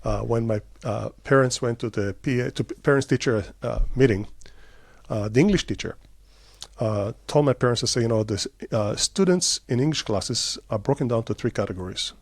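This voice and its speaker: A middle-aged Israeli man, a startup CEO, answering interview questions with lively stories, quick bursts and many fillers. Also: mid-range voice, creaky, no room sound.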